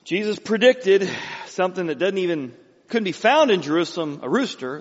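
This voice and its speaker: Male pastor, from Illinois, animated delivery, a bit high, dull roomy hall sound. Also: normal speed. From Illinois, USA. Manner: dramatic storytelling, lively voice work. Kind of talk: expository sermon.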